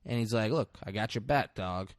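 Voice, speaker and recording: Animated man recapping a movie. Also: fairly low pitch, moderate pace, no room sound. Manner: animated retelling, acting out lines in loud bursts. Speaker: podcast co-host recapping a film. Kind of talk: casual chat.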